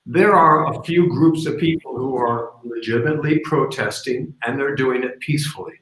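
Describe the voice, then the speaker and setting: A man hosting a casual talk show discussion, telling stories in an animated way. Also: medium pitch, moderate pace, reverberant, rough recording. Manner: animated storytelling. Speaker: show host.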